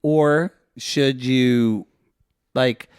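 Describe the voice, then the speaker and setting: A man's voice: medium pitch, extremely slow, clear, resonant tone, dry recording, clean studio sound. A man co-hosting a podcast, chatting casually and rambling through recaps with lots of asides. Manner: chatty, rambling, with frequent likes and restarts. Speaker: podcast co-host. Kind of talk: casual chat.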